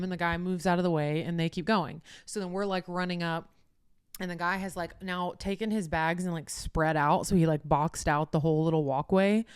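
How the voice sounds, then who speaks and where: A woman with a fairly low voice co-hosting a casual podcast, telling stories animatedly and acting out what people said. The sound is close and dry, with no echo. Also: clean tone. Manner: animated storyteller who reenacts conversations. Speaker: podcast co-host.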